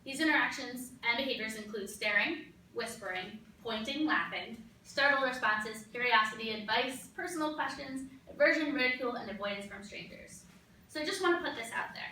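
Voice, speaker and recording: A woman's voice: fairly high pitch, brisk, sharp tone, a little hiss or hum. A young woman giving a graduate capstone presentation, earnest and explanatory, with frequent ums, in a classroom. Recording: echoey room, recorded from a distance.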